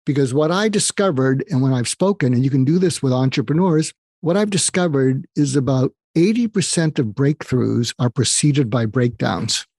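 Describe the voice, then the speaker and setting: A man's voice: medium pitch, animated, moderate pace, few pauses, darkish tone, no room sound, studio quality. An older man, a psychiatrist, telling stories and giving earnest advice as an interview guest. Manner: earnest, advising, quotes people in stories. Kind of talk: interview storytelling.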